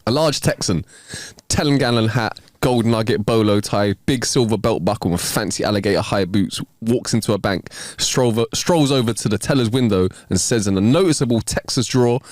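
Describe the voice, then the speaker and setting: A man's voice: mid-range voice, brisk, no echo, studio quality. A man, co-hosting a podcast, reading jokes aloud and laughing between them. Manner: animated, laughs a lot while reading jokes. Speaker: podcast co-host. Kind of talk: casual joke-telling chat.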